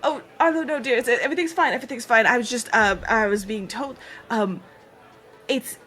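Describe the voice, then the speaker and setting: Tabletop bit part: woman playing a fussy, apologetic old man who is hard of hearing, pitched high. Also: a little fast, a bit bright, lightly acted. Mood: flustered.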